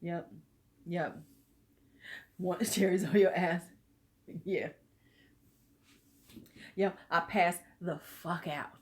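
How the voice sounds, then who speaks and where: Middle-aged lady running a live chat, kinda low voice, bawdy and chatty. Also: steady tone, very slow, long pauses. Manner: chatty, loose and bawdy, laughing with commenters. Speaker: host of a live beauty chat. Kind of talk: casual live-stream chat with viewers.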